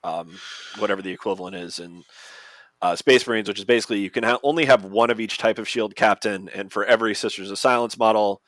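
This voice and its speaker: Low-voiced man explaining game rules. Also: quick pace, fairly bright tone, no echo. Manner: methodical rules explainer, many fillers. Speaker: podcast co-host. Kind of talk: casual explanatory chat.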